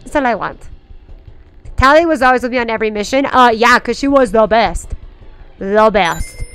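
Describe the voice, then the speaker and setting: A woman's voice: fairly high pitch, moderate pace, fairly bright tone, smooth. A young woman streaming a video game, bubbly and playful, gasping and chattering with her viewers as she plays. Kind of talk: live game streaming chat. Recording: faint game music under voice.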